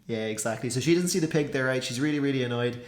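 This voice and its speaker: A man's voice: mid-range voice, rapid-fire, slight background noise. A man, explaining phrases in a casual, chatty lesson full of fillers. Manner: chatty, loose, lots of fillers. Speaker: language teacher. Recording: roomy echo.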